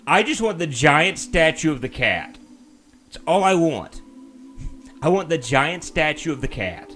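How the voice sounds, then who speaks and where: A man's voice: fairly high pitch, sing-song, measured pace, a bit bright, soft background music. A man streaming a video game, chatting casually and mocking himself as he thinks aloud. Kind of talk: casual let's-play commentary.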